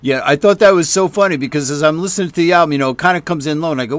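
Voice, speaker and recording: A man's voice: fairly high pitch, very fast. A man hosting a rock radio interview, chatting casually and enthusiastically, swearing freely. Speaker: radio show host.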